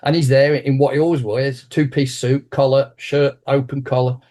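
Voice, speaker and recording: Man, 60s, interview guest, mid-pitched voice, animated storyteller, frequent restarts. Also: moderate pace. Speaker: interview guest, martial arts teacher.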